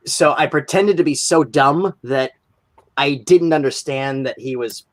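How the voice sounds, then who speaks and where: A man's voice: a little high, unhurried. A man, a podcast guest who works as a convention moderator, telling stories in casual chat and acting out the people he quotes. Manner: animated storyteller who acts out quoted voices.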